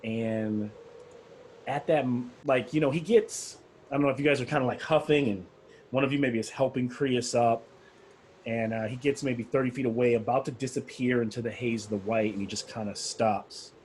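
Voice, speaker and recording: A man's voice: mid-range voice, steady tone, normal speed, darkish tone, slight background noise, low-quality recording. A man narrating a tabletop game as game master, with a rambling, hesitant delivery full of fillers.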